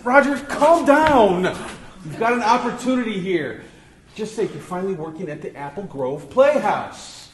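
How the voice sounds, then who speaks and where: A man playing a nervous, desperate stage director with a frantic, excitable manner in a community radio play. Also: sits high, normal speed, roomy sound, recorded from a distance, slight background noise. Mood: soothing. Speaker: theater director. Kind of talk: amateur radio play acting.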